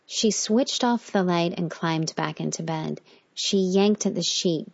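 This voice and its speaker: A woman reading a letter and then a short story aloud at a steady, measured pace. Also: on the low side, creaky, lo-fi sound. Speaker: reader.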